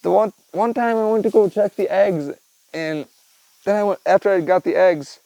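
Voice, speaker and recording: Here the podcast host's voice is high-pitched and warm with vocal fry, delivered at a moderate pace with fairly even intonation. He tells stories in a rambling, profane, relaxed way, ending lines with "man" or "dude." The audio is poor but has no room sound.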